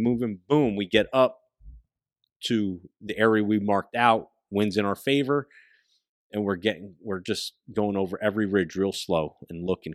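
A man, a guest on a talk show, telling a hunting story in a casual, profane, animated way and often dropping his voice to a hush. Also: lowish voice, no echo. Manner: profane, animated storyteller who drops into hushed tones.

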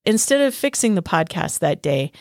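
A woman's voice: fairly low pitch, very animated, moderate pace, dry recording, clean studio sound. A woman co-hosting a casual podcast, telling a personal story in a wry, self-deprecating way. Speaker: podcast co-host.

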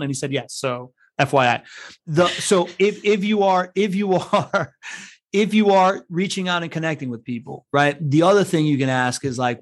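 A man giving conference networking tips in a casual chat, chatty and full of fillers, often checking in with "right?". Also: fairly high pitch. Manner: chatty, filler-heavy, keeps asking "right?". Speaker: podcast co-host giving networking advice.

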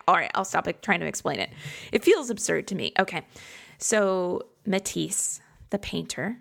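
Recording in a home studio built into a converted garage, a female podcast host speaks in a fairly low pitch with a creaky quality. She keeps her solo talk casual, chatty, reflective and self-deprecating.

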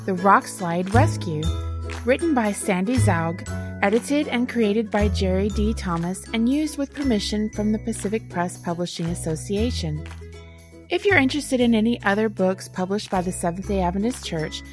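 A woman's voice: medium pitch, expressive, normal speed. Woman announcer over children's music. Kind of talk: scripted credits announcement.

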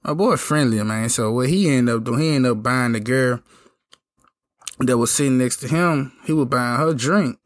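A hoarse man telling a story in a casual, slangy, laid-back way. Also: medium pitch, moderate pace, dry recording, studio quality. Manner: laid-back slangy talk, lots of "you know what I'm saying". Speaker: podcast host telling a story.

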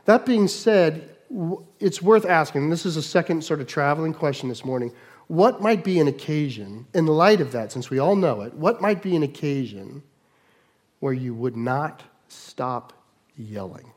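A middle-aged man preaching a sermon, moving between loud mock shouts and quiet asides. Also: a little high, lively intonation, normal speed. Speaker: pastor.

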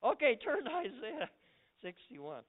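An older man preaching as a pastor in a church, excitable, with loud bursts and repeated words. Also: very high-pitched, measured pace, very noisy. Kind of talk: lively church sermon. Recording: phone-like lo-fi recording.

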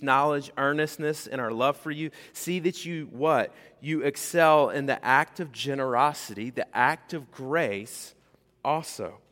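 A man preaching a sermon to his church, animated and conversational, acting out the voices he quotes. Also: medium pitch, in a large hall. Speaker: pastor. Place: church sanctuary.

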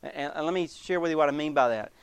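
A man preaching a sermon as pastor, emphatic and animated, acting out the voices of the people he quotes. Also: fairly high pitch, fast, clear, resonant tone, dry recording.

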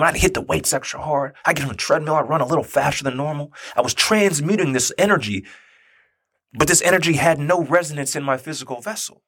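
A man's voice: fairly high pitch, quick pace, breathy edge. A man in his thirties telling a personal story in casual talk, acting out the quoted dialogue. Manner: animated, acts out quoted dialogue.

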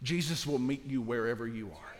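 A man preaching a sermon as a guest pastor, swinging from soft passages to shouting. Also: medium pitch, brisk. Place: church sanctuary. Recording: reverberant church hall.

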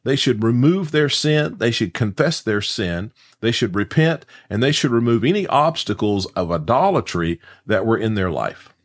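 A man leads a daily Bible devotion, reading each verse and then unpacking it in an unhurried way. His mid-range voice rises and falls with plenty of movement, and he lets the odd "uh" slip in as he explains. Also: medium pitch, big pitch swings. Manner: reads scripture aloud, then explains it verse by verse; unhurried explanations with occasional "uh" fillers. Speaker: Bible teacher.

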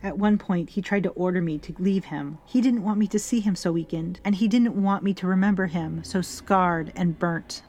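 A woman narrating a first-person story in a measured, even way. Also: lowish voice.

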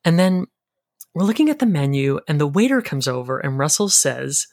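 A man's voice: fairly high pitch, very animated, normal speed, gravelly, a little mellow, dry recording, clean studio sound. An actor playing a grieving man's brother who rambles awkwardly and gets defensive. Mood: rambling.

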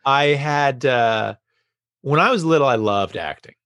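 A man's voice: medium pitch, expressive, a little slow, a bit bright, clear, resonant tone, no room sound, clean studio sound. A middle-aged man hosting a casual podcast conversation, talking about his family and past. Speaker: host.

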